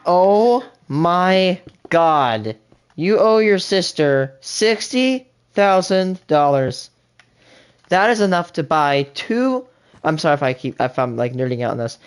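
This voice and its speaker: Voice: medium pitch, sing-song, slow pace, smooth. A live streamer reacting to a TV show in rambling, indignant casual commentary, often restarting sentences.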